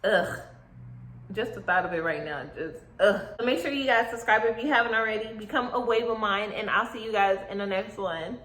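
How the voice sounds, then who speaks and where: A young adult woman telling a story in a casual, chatty vlog, animated and full of slang. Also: mid-range voice, brisk. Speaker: YouTube vlogger. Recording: echoey room.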